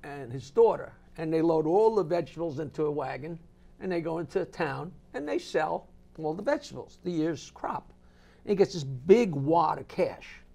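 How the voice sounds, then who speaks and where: An older male comedian spins stories as a talk show guest. His voice is gravelly and swings widely in pitch, with an animated storyteller's drive. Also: moderate pace. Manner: animated joke teller with big swings.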